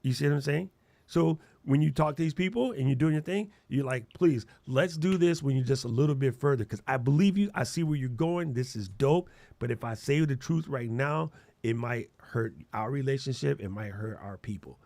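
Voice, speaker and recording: A middle-aged man talking casually as a podcast co-host, his voice sitting in the middle of the usual range. He is animated and playful, with plenty of slang. The sound is close and dry, with no room. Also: medium pitch, normal speed, vocal fry, no echo.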